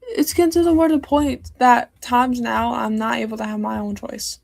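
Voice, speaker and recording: Teen girl venting on her stream, kinda high, gravelly fry, hurt and rambly, dry close mic. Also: steady tone, normal speed, a little mellow, no echo. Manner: hurt, rambling, many fillers and restarts. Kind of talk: upset personal livestream talk.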